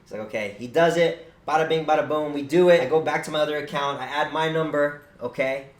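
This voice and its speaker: A young man streamer telling a story in casual chat, animated and swearing a lot. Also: a little high, fast talker. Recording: roomy echo, faint noise.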